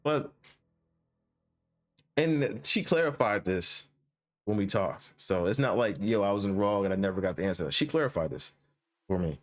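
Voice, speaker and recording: A man's voice: on the low side, animated, normal speed, long pauses. A young man telling a casual story about his life in a vlog, rambling with many restarts and fillers and some swearing.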